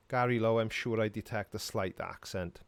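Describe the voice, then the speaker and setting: A man's voice: on the low side, vocal fry, no room sound. A middle-aged man, casually answering viewers' questions on a live stream in a dry, sarcastic way. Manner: dry, sarcastic, self-mocking.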